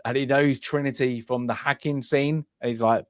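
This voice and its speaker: A man's voice: mid-range voice, fairly quick, no room sound, studio quality. A man chatting casually about a film on a live stream, rambling with lots of fillers and laughing asides. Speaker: film review podcast host. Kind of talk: casual chat. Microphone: remote live-stream call.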